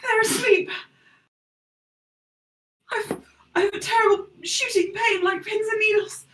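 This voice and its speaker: A frail, melodramatic man whimpers and quavers in a very high voice, as a woman plays him in a tabletop game. The voice sits a little back from the mic. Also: steady tone, measured pace, a bit bright, recorded from a distance, rough recording. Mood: whimpering. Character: frail, dramatic man, a rescued prisoner.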